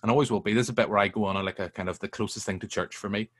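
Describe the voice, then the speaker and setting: A man, telling stories as a guest in a casual film chat, animated and sweary. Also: fairly low pitch, rapid-fire.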